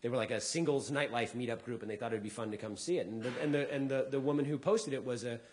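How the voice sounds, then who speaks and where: A man's voice: mid-range voice, quick pace, slight background noise. A middle-aged comedian giving a talk, telling stories and acting out the voices of people he quotes, often repeating words as he restarts. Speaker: comedian speaking to a society. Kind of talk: storytelling talk with acted quotes.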